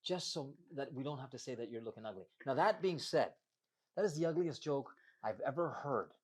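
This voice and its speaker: A man's voice: medium pitch, expressive, fairly quick, husky. A man co-hosting a comedy chat show, bantering with mock exasperation in Hindi and English. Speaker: co-host.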